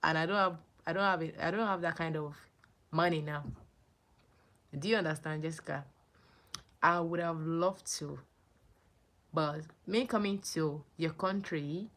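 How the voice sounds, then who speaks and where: A young woman from Nigeria hosting a casual livestream, greeting viewers by name and answering their comments, often repeating herself. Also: deep voice. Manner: animated, repeats names and phrases, greets viewers. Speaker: livestream host.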